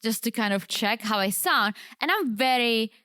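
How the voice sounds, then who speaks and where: A woman's voice: on the high side, animated, normal speed, bright, forceful tone, clear, resonant tone, no echo, studio quality. A woman with a Czech accent, co-hosting a podcast in chatty, self-deprecating conversation. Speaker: podcast co-host. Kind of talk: casual chat.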